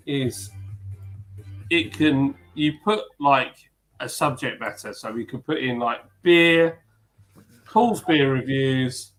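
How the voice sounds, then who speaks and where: A man's voice: medium pitch, slow pace, long pauses, fairly bright tone, soft background music. A man hosting a casual live stream chat over beers, laughing easily and mimicking people in his stories.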